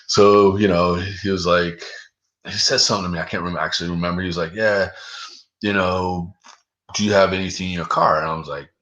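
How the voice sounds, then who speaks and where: A man with a very low voice and a forceful, bright edge tells a long personal story. He talks loosely and profanely, filling his talk with 'dude' and 'like'. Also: fairly even intonation, brisk. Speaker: guest. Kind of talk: casual storytelling.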